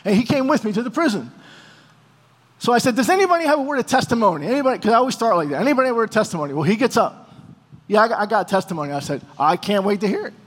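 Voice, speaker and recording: A man with a notably high voice tells a sermon story with energy, acting out each exchange. His voice rings with a long reverberant tail, as in a large hall. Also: racing, husky. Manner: animated storyteller, acting out dialogue. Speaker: preacher.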